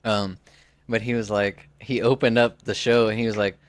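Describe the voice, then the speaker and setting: A man's voice: lowish voice, little pitch movement, moderate pace, dry recording. A man in his twenties, a podcast co-host, telling a story in a rambling casual way with lots of "like" and restarts. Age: 20s. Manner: rambling, heavy use of "like", frequent restarts.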